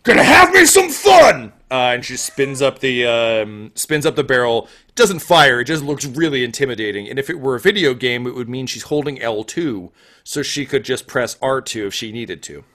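A man with a mid-range, fairly bright voice narrates a tabletop game as game master at a normal speed. He's playful and jokey, switching into character voices.

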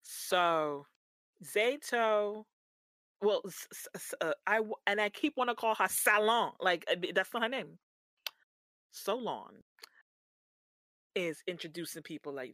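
A woman co-hosting a casual podcast, recapping a show with animated, slangy, playfully exasperated talk. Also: mid-range voice, measured pace, long pauses, no room sound. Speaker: podcast co-host.

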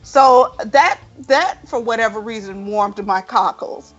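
A woman co-hosting a podcast, telling a story in an animated, profane, dramatic way. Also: on the high side, unhurried, highs cut off, soft background music. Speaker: podcast co-host. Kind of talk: casual storytelling chat.

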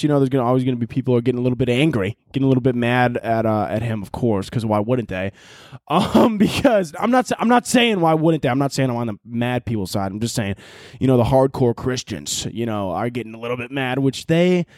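A man's voice: medium pitch, animated, a little fast, a little mellow, dry recording, studio quality. A man hosting his own podcast, rambling through profane comic riffs and cutting himself off mid-thought. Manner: rambling, profane, self-interrupting. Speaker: podcast host. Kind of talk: casual comedic monologue.

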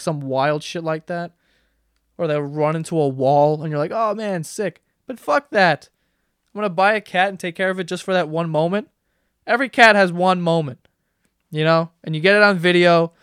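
High-voiced young man ranting, dry sound. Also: smooth, dry recording. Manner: profane, excitable ranting with sudden loud outbursts. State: sore throat from yelling. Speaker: podcast host. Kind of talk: solo comedic rant.

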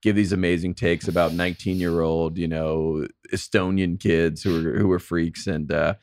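Man, very low pitch, dry close mic, sports radio co-host losing his voice, easygoing and quick to laugh. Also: fairly even intonation, a little mellow, dry recording. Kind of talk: casual sports talk.

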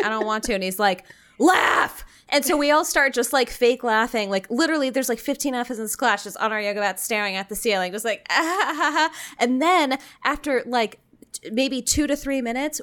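A woman co-hosting a podcast who tells a story with lively energy. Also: mid-range voice. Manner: lively anecdote telling. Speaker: podcast co-host. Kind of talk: casual chat.

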